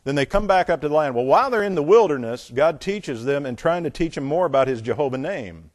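A man teaching the Bible in a sermon style, animated and digressive, often asking his listeners questions. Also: on the high side, fast talker.

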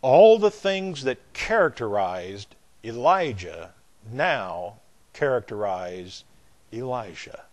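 A man's voice: medium pitch, big pitch swings. An older man with a Southern American accent preaching a sermon, leaning hard on key words and repeating them as he builds his point. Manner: emphatic, drawn-out delivery that swells in loudness on key words.

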